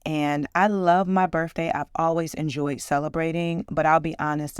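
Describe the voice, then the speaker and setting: A woman's voice: low voice, no room sound, clean studio sound. A woman in her forties hosting a podcast, chatting in an upbeat, reflective way about her own life. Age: 40s. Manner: warm, upbeat, reflective storytelling. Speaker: podcast host. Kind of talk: casual solo podcast chat.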